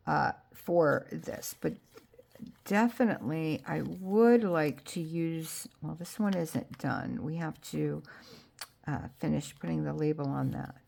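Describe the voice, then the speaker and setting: A woman hosting a crafting vlog, chatting excitedly to viewers about her projects and apologizing with a laugh when she bumps the camera. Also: low voice, vocal fry. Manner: gushing, excitable, talks to viewers while handling crafts; self-deprecating, apologetic asides. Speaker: crafting channel host. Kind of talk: casual crafting vlog chat.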